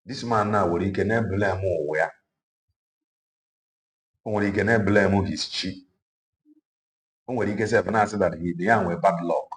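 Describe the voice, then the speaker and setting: A Nigerian man with an Igbo accent giving preaching-style social commentary, animated and full of rhetorical questions. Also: deep voice, a little slow, pauses often.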